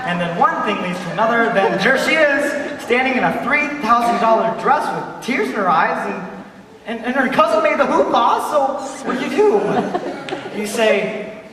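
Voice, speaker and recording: A man on a stage playing a chatty theatre fan, rambling and stammering as he talks to the audience. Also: very high-pitched. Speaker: stage narrator addressing the audience. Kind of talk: live stage musical performance. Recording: echoey hall from far off.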